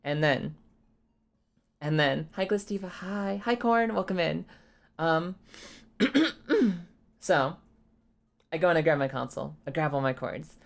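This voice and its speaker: Woman, low voice, congested, casual streamer chat, rambling, swearing. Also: animated, takes it slowly, gravelly, long pauses. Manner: rambling, swears freely, frequent high laughs.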